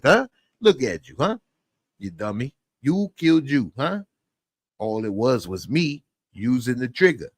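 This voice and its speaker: A man's voice: a little high, no echo, clean studio sound. A man imitating a cold, boastful old-school gangster who talks in a swaggering tough-guy way.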